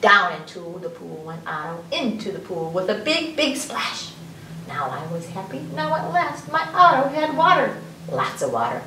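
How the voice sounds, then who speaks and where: A woman reading a picture book aloud for a library story time, expressive and with chatty asides. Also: medium pitch, moderate pace. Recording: roomy, distant mic, faint hiss.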